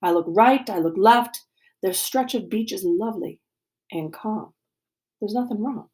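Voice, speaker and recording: A woman reading a novel aloud to a class, expressive and dramatic, sometimes dropping to a hushed voice. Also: mid-range voice, measured pace. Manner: expressive, dramatic, drops to a hushed voice for tense moments.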